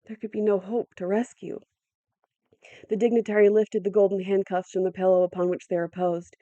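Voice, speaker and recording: A woman narrating an audiobook in a measured, dramatic storytelling manner. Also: mid-range voice, level tone, mellow, no room sound, muffled recording. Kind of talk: audiobook reading.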